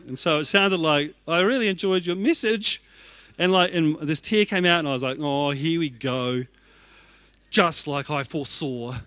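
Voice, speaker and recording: A man's voice: a little high, bright, forceful tone, no room sound. A man, an executive pastor telling a self-deprecating story in a sermon and acting out his own reactions.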